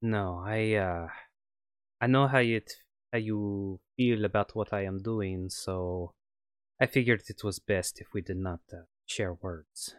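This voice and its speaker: A man's voice: lowish voice, fairly even intonation, measured pace, clear, resonant tone, dry recording, clean studio sound, natural voice. A man voicing a scheming French woman scientist with a wavering put-on French accent. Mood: cold, reasoning.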